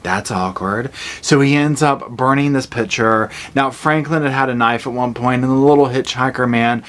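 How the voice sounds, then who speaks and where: Animated man reviewing a horror movie. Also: mid-range voice, moderate pace. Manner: animated storytelling with acted-out quotes; blunt, jokey asides.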